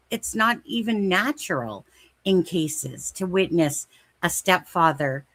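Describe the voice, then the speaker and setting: Low, dry-voiced woman co-host, casual and rambling, repeats points for emphasis. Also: fairly bright tone, no echo. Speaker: podcast co-host. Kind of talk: casual true crime discussion.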